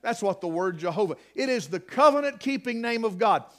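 A man preaching a sermon, swinging between hushed near-whispers and shouted emphasis. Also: sits high, expressive, a little fast.

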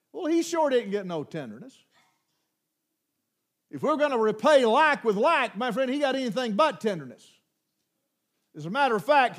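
A man preaching a sermon, retelling scripture with dramatic storytelling that swings from loud bursts to hushed lines, folksy and emphatic. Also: high-pitched.

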